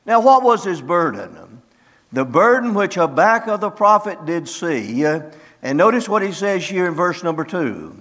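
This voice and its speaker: A man preaching a sermon as pastor, reading scripture slowly and emphatically with many "uh" fillers. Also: high-pitched, big pitch swings, a bit bright, in a large hall.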